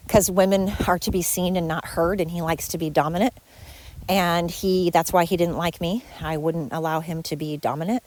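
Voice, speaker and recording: On her solo podcast, a middle-aged host vents with sarcasm about her old coworkers, putting on high voices to imitate them. Her voice is a little mellow, and the recording is dry.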